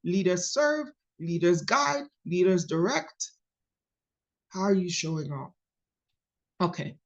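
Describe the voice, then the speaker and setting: A woman's voice: lowish voice, lively intonation, slow. A woman leading a book study coaching call, repeating key phrases for emphasis.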